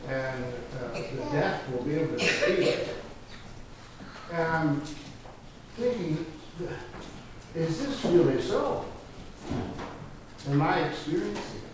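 A man playing a poor old blind beggar, telling his story in the first person with halting repeats and sudden cries. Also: on the high side. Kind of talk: first-person dramatic monologue. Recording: echoey hall, distant mic, noisy.

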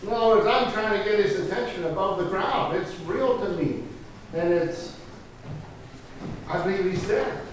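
A man playing a poor old blind beggar, telling his story in the first person with halting repeats and sudden cries. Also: high-pitched, voice pushed up, close to an everyday voice. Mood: earnest. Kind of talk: first-person dramatic monologue. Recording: echoey hall, distant mic, noisy.

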